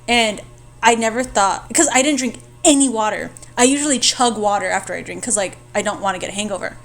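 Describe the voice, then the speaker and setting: A woman's voice: medium pitch, fairly quick, soft background music. A young woman co-hosting a podcast, telling a story in casual chat, laughing and swearing freely. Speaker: podcast co-host.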